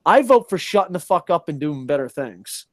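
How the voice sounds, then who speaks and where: Young dude going off on a rant, swears a lot, kinda high voice, dry close sound. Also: male voice, normal speed, no room sound. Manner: animated, profane ranting. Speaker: podcast host. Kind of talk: casual chat.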